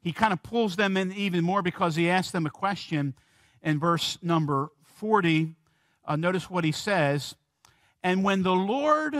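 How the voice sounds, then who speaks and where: A male pastor preaches a sermon in a church, his voice sitting high for a man. He leans hard on key words, slows down for effect and puts questions to his listeners. The sound is dry and close, with little room echo. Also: fairly bright tone. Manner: asks the congregation questions.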